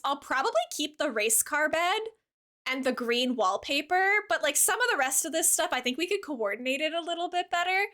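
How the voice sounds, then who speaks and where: Bubbly high-voiced woman streamer. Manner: bubbly and chatty, many "like" fillers, giggly; warm toward chat, gushing. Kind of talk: casual live-stream chat while gaming.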